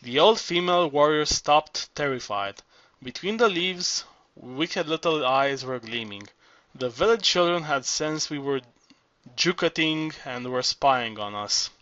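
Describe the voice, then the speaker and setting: Bright-voiced man reading an audiobook. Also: fairly high pitch, animated, no room sound, muffled recording. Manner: measured reading with small stumbles and restarts. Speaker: audiobook reader. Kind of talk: audiobook narration.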